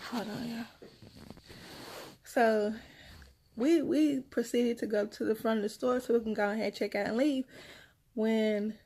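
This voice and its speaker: A young woman and mother, casually telling her viewers a story in a chatty, animated way and repeating her phrases as she goes. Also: on the high side, measured pace, pauses often, slight background noise. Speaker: mother vlogging about her kids.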